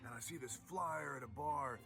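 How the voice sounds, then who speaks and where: A man's voice: mid-range voice, moderate pace, gravelly, over music, close to an everyday voice. A man voicing a cocky, foul-mouthed young woman in an improvised retelling, boasting and repeating herself.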